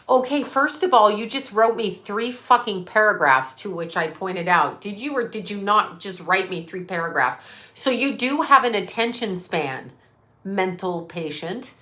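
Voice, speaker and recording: Blunt, bright-voiced woman ranting on a live stream. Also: mid-range voice, lively intonation, moderate pace. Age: middle-aged. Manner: blunt, profane, sarcastic, mocking. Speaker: psychic medium live streamer. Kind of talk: unscripted live stream rant.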